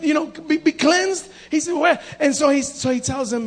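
A man preaching a sermon, animated, acting out the voices in his story and calling out to the congregation. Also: extremely high pitch, moderate pace, creaky.

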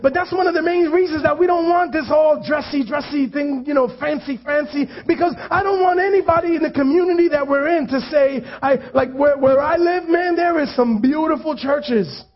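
A man's voice: extremely high pitch, brisk, few pauses. A man preaching a sermon as a pastor, talking conversationally, with self-deprecating asides and repeated phrases for emphasis. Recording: dull lo-fi church recording.

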